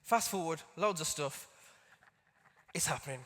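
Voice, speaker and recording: A conference speaker with a slightly high, fairly bright voice recounts a personal story on a big hall stage, speaking in an unhurried, conversational way and poking fun at himself for the audience. The stage recording has long hall reverb.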